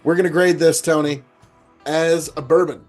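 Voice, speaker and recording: A man hosting a casual whiskey review chat, grading a bottle in slow, deliberate phrases. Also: a little high, fairly even intonation, a little mellow, faint music behind. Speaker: host of a whiskey review show.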